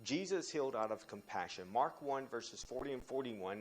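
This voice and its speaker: A man teaching a Bible study, talking in an animated way with restarts and sudden rises when he quotes scripture. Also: moderate pace, hardly any pauses. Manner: animated, frequent restarts, pitch jumps when quoting scripture.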